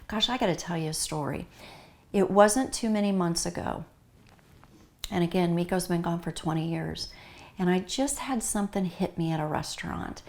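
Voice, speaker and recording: A middle-aged woman with a North American accent gives an earnest, heartfelt talk to grieving pet owners, urging them again and again. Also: lowish voice. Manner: earnest, repetitive, warmly urging. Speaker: pet loss grief speaker.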